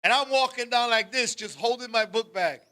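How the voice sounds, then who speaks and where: High, bright-voiced man telling a wild story. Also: a little fast. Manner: animated, profane, acts out scenes with shouts. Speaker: podcast co-host. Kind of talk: comic storytelling.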